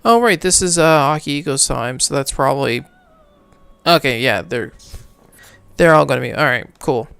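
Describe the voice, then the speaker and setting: A man reading a game's story aloud for a let's play, halting and correcting himself, then signing off casually. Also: medium pitch, expressive, gravelly, fairly bright tone, clean tone, no echo, soft background music. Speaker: let's player, reading game text. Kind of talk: reading game narration aloud, casual outro.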